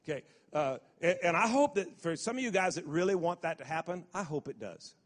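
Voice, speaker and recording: A man's voice: a little high, animated, brisk. A man preaching a sermon as pastor, stumbling over repeated words and building to emphatic declarations. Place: church service hall. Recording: long hall reverb.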